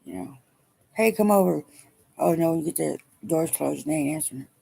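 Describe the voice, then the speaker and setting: A middle-aged woman speaking haltingly and wearily in a personal video diary, emotional as she talks. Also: low voice, steady tone, gravelly, warm tone, slightly rough. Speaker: vlogger.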